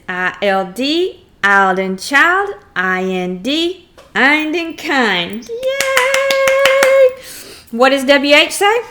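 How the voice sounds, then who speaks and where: Woman, first grade teacher, Texan accent, unhurried, sounds out each letter clearly. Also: high voice, a bit bright. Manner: slow, clearly sounded-out drills. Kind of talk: phonics lesson to young children.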